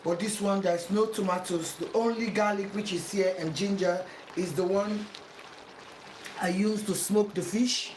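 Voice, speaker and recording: Slow-talking Sierra Leonean woman. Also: mid-range voice, steady tone, a little mellow, reverberant, distant mic, slight background noise, low-quality recording. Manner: chatty, self-mocking, pleading for likes. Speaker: cooking vlogger. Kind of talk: casual cooking demonstration. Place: home kitchen.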